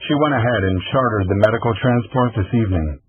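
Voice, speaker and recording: A man's voice: lowish voice, quick pace, breathy edge, dry recording. A male audiobook narrator voicing a wealthy, composed, possessive man who speaks coolly and with assurance. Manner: cool, assured. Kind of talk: audiobook reading. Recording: tinny phone-like lo-fi recording.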